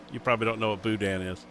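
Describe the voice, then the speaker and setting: A man's voice: mid-range voice, moderate pace, a bit bright, slight background noise. Chatty, laughing male race commentator. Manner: chatty, laughs easily, loose and rambling. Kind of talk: casual sim racing commentary.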